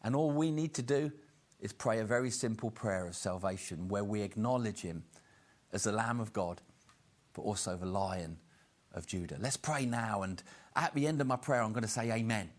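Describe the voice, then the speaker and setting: Earnest low-voiced male preacher. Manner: earnest, slows down for emphasis. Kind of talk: sermon.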